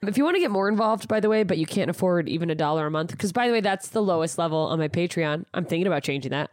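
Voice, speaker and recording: A woman's voice: sits low, a little mellow, no echo, studio quality. A woman hosting her own podcast, chatting casually and rambling through plugs and tour dates, self-deprecating and swearing freely. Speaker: podcast host and stand-up comedian. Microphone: studio microphone.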